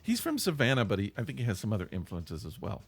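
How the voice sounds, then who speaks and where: A middle-aged man co-hosting a podcast in casual chat, rambling and thinking out loud. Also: fairly low pitch, huge pitch swings, fast talker, gravelly, slightly rough. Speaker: podcast co-host.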